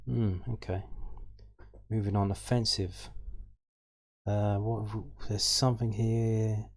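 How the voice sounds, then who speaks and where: A man's voice: fairly low pitch, level tone, takes it slowly. A man hosting a football fan channel, talking through match statistics in a casual, hesitant way with many ums and restarts. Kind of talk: casual stats rundown.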